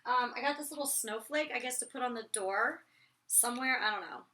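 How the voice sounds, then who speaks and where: Woman, casual vlog chatter, animated, giggly, slightly high, very bright. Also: fairly quick. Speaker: vlogger. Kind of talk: casual reality TV recap vlog.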